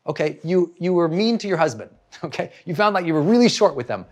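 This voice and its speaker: A man giving a motivational talk as a personal growth trainer, animated and asking rhetorical questions. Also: fairly high pitch, fast. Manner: animated, asks rhetorical questions and acts out examples.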